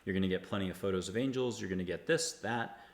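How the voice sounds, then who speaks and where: Lowish-voiced american guy rambling on about spirit stuff, echoey room over a video call. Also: quick pace. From United States. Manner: rambling and enthusiastic, guiding listeners through exercises. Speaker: host. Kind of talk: casual spiritual talk.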